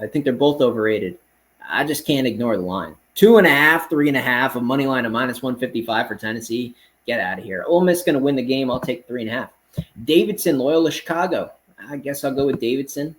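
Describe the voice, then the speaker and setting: A man rattles off his picks one game after another in a casual monologue. He sounds confident and blunt, at a middling pitch, and often tosses in a brash "man" to his listeners. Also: poor audio. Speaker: sports betting picks host. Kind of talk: casual rapid-fire betting picks monologue.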